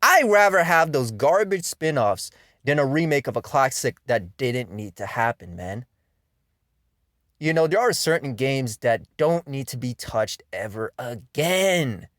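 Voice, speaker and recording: A man's voice: medium pitch, sing-song, a little slow, fairly bright tone, no room sound, studio quality. A man giving an angry, profane rant about video games, full of exasperated "you know" and "man". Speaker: video game commentator. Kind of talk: angry ranting commentary.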